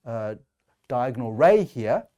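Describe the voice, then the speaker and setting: Male math lecturer, mid-pitched voice, explanatory delivery with frequent fillers. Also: big pitch swings, slow, mellow.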